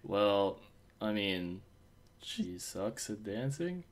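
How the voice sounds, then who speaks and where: A man's voice: on the low side, very animated, drawn-out words. A man co-hosting a casual fan podcast, rambling with many fillers and restarts. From Osaka. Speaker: podcast co-host.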